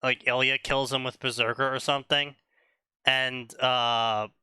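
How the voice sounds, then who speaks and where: A man's voice: mid-range voice, measured pace, clear, resonant tone, dry recording. Laughing man mocking a story. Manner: animated, laughs often, mocking. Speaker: stream co-host reading fan fiction. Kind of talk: casual comedic commentary.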